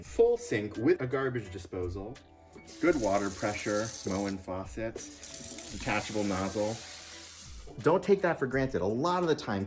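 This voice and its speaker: Upbeat chatty man touring a home. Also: mid-range voice. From Louisiana. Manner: upbeat, jokey, chatty with small restarts. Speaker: vlogger touring a backyard unit. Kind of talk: casual walkthrough tour. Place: small unit indoors and out, backyard.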